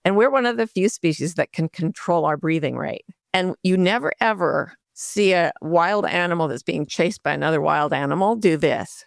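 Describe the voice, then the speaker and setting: An older woman, a life coach and author, speaking as a guest in a podcast interview, explaining calmly and gently, sometimes softly voicing kind self-talk. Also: on the low side, normal speed, gravelly, hardly any pauses, no room sound, clean studio sound. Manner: warm, gentle explanations with soft spoken self-talk asides.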